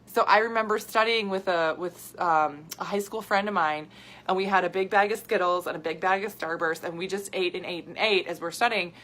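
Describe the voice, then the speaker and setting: In a casual live video, a health coach and podcast host in her thirties chats animatedly with viewers and gets excited over their comments. She speaks with a fairly low voice at a fairly quick clip.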